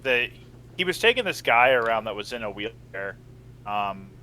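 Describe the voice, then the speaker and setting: A man's voice: mid-range voice, very animated, normal speed, pushed and bright, slight background noise, low-quality recording. A man co-hosting a podcast who answers in short, dry quips during casual chat. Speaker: podcast co-host.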